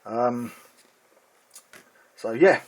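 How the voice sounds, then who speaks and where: A man at an ordinary mid-range pitch hosts his own miniatures hobby channel and walks through a magazine issue. His delivery is relaxed and conversational, full of ums and uhs. When he reads a passage aloud, his tone flattens a little. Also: very slow. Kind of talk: casual product review.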